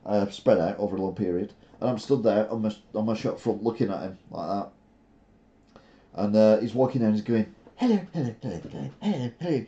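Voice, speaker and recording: An older man chats on his live stream in a very dark, mellow voice. He rambles and stalls on filler sounds, and his humour stays dry and sarcastic. The sound is dull and lo-fi, like stream audio. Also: on the low side. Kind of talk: casual live stream chat.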